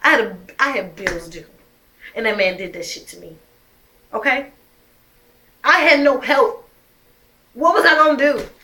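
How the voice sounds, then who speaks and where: Heated bright-voiced young woman storyteller. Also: fairly high pitch, measured pace, pauses often. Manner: emphatic, heated, swears often. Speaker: mother telling her own story. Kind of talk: emotional personal storytelling.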